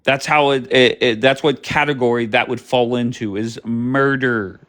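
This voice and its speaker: A man's voice: mid-range voice, steady tone, normal speed, a bit bright. A man hosting a live stream, talking casually with heavy swearing and a combative, sarcastic manner. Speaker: livestream host. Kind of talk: casual profane livestream chat.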